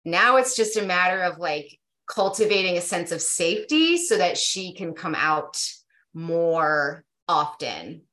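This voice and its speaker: A woman guest on a podcast, candidly telling a personal story in a lively, casual way. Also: lowish voice, a little slow. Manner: animated, candid, many "like" fillers. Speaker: podcast guest, yoga teacher.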